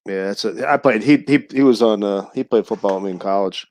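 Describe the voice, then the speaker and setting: A man's voice: lowish voice, fairly quick, darkish tone, no room sound. A man who is a guest on a livestream, chatting in a laid-back way, cursing often and laughing easily. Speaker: guest reptile breeder. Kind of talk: casual chat.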